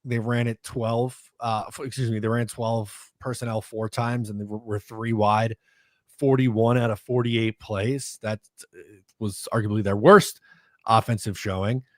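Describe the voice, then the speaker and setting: A man hosting a casual sports chat show, relaxed and reading out listener comments. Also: fairly low pitch, a little slow, no echo, studio quality. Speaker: podcast host.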